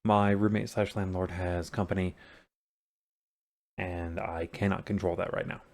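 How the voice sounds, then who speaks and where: A man running a tabletop game as game master, setting scenes in a plain, steady way with brief asides, talking from a room at home. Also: sits low, a little slow.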